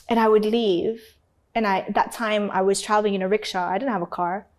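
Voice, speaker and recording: A woman's voice: medium pitch, brisk. A woman guest in an interview telling her own story with emphasis and a bit of casual swearing. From North Africa. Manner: animated, emphatic, acts out other people's voices.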